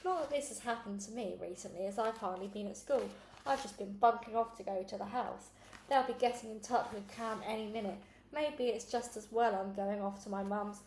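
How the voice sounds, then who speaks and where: A woman reading a children's novel aloud in a lively way, acting out each character in turn. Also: medium pitch, fairly quick. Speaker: storybook reader. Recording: roomy room with faint background noise.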